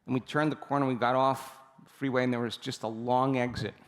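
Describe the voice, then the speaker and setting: A man giving a motivational seminar talk, telling stories with animated energy and often checking that the audience is with him. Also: mid-range voice, fairly quick, long reverb tail. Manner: animated storytelling, repeatedly asks the audience for agreement. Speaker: seminar speaker.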